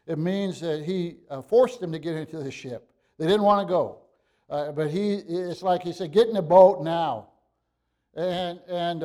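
An earnest man delivers a sermon in a fairly high but mellow voice. He reads scripture in a steady way, then explains it with filler words, restarts and sudden emphatic bursts. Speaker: preacher. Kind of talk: evening sermon reading and expounding scripture.

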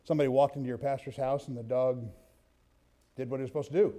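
A man's voice: mid-range voice, brisk, dark tone. A man preaching a sermon in a church, telling personal stories in a loose conversational way and reading scripture aloud.

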